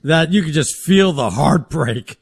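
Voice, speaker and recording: A man's voice: a little high, expressive, a little slow, slightly rough, dry recording, clean studio sound. A man co-hosting a sports talk show, wry and sarcastic in casual chat. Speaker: sports radio co-host.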